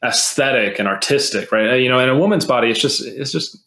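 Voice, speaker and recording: Fast-talking low-voiced man in a roomy space. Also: pushed and bright. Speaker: podcast guest. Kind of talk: casual podcast banter.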